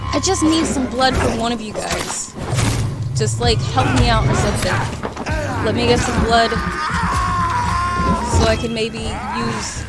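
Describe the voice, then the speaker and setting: A woman's voice: a little high, unhurried, pauses often, over a noisy crowd. A woman streamer giving casual live commentary over a game, exasperated and talking back at the enemies on screen. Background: loud game music.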